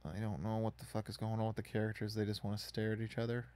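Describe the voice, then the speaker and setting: A man's voice: fairly low pitch, completely flat delivery, fast, darkish tone. A man casually commenting on a wrestling video game as he plays, rambling and swearing in frustration at it. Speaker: gaming YouTuber.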